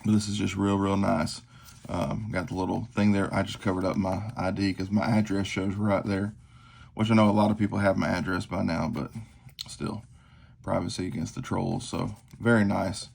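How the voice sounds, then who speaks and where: A man in his forties with a drawl and a low, gravelly voice. He rambles through a tabletop show-and-tell, leaning on fillers and poking fun at himself. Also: level tone, moderate pace, darkish tone. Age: 40s. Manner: rambling, self-deprecating, filler-heavy. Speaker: knife collector vlogger. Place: tabletop at home.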